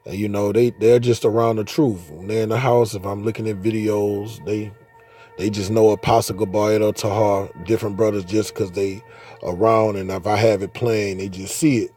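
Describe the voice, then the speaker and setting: A man's voice: fairly low pitch, steady tone, normal speed, warm tone, soft background music. A man in his thirties, a father, telling a rambling story about faith in casual, profane speech full of restarts. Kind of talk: casual spoken monologue.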